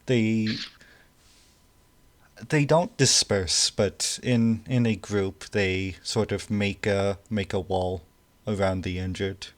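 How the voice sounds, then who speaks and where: Slow low-voiced game master. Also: male voice, fairly even intonation. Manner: slow, halting narration with many restarts. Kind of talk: narrating a tabletop game.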